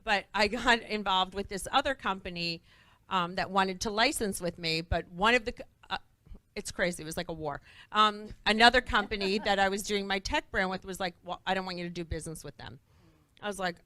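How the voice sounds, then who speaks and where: A middle-aged woman, a guest entrepreneur on a talk show, telling lively stories and acting out the voices of people she quotes. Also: medium pitch, fairly quick, no echo. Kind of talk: animated storytelling on a talk show.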